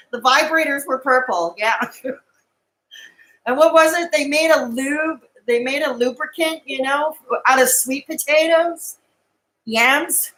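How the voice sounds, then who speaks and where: A woman's voice: high-pitched, slow, pauses often, fairly bright tone, rough recording. A woman hosting a live stream, chatting casually and giggling as she rambles and answers comments.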